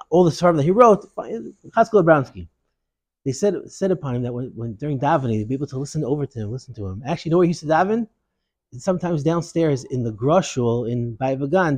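A man giving a Torah lesson, a digressive and animated storyteller. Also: fairly high pitch, no echo. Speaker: Torah teacher.

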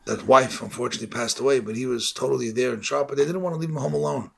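A man giving an impassioned sermon as a rabbi, telling stories and rising to shouts on key points. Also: medium pitch, rapid-fire, creaky, slightly rough. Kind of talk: sermon with storytelling.

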